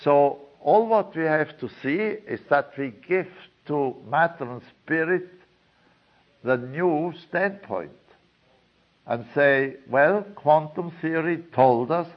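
A man giving a lecture in a slow, deliberate way, pausing often with fillers. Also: on the high side. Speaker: teacher of a study course. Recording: dull lo-fi recording.

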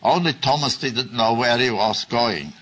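Slow, deliberate man teaching scripture. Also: mid-range voice, fairly bright tone, slight background noise, low-quality recording. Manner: deliberate, repeats phrases, chuckles at asides. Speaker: religious teacher. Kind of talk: slow explanatory Bible talk.

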